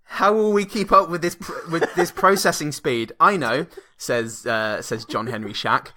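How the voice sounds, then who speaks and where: A man's voice: fairly high pitch, a little slow, sharp tone. A man co-hosting a podcast, retelling a movie playfully and breaking into laughter. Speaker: podcast co-host. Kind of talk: comedic movie recap.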